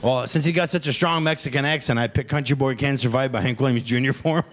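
A man's voice: medium pitch, quick pace. A man doing a stand-up routine on a comedy club stage, often breaking up laughing at his own jokes. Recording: noisy live club recording.

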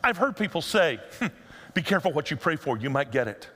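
A man's voice: on the high side, very animated, quick pace, a bit bright, big-room sound. A middle-aged male pastor delivering a sermon in a conversational, humorous storytelling manner.

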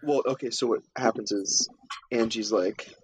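A man's voice: lowish voice, normal speed, a little hiss or hum, low-quality recording. A man in a casual chat, recapping a film scene by scene and acting out the characters' lines as he goes. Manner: animated storytelling, acts out character lines.

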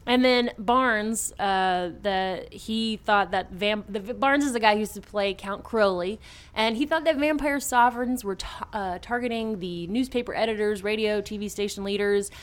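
A woman casually recapping a horror comic in chat, animated, dropping into quick character voices with lots of fillers. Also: mid-range voice. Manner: chatty, lots of fillers and restarts. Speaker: podcast co-host recapping a comic.

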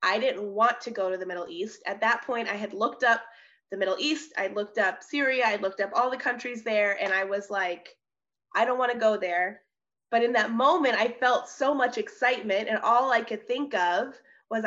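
A young woman, a missionary, telling her personal testimony in an interview, earnest and animated, often laughing and restarting her sentences. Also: a little high, moderate pace. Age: young adult. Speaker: missionary guest. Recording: slightly dull audio.

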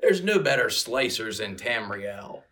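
Male podcast host, playful banter, low-pitched, lively. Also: a little slow, background noise. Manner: jokey, playful. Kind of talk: casual chat.

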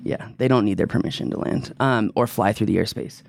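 A man's voice: lowish voice, brisk, creaky, a little mellow, no room sound. A man hosting a drone talk show in casual chat, opinionated and joking. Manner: chatty, opinionated, joking asides. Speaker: podcast host.

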